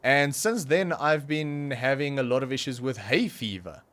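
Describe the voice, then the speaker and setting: A man's voice: medium pitch, moderate pace, a bit bright. A young South African man with a South African accent, chatting casually and rambling through a game livestream, with frequent ums and self-corrections. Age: young adult. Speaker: streamer.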